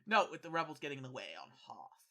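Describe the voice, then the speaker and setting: A scheming old emperor speaks in a slow, hushed, menacing hiss, as a man running a tabletop game puts him on. The tone stays bright and clear, even at its quietest. He sounds cold and patient, like a sinister old ruler of a galaxy. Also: fairly high pitch, full character voice.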